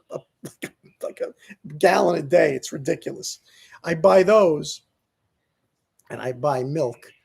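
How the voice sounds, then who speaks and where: A man's voice: on the high side, vocal fry, slightly rough. A middle-aged man vlogging in a casual, rambling, self-mocking way, laughing often as he talks. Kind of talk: casual vlog monologue.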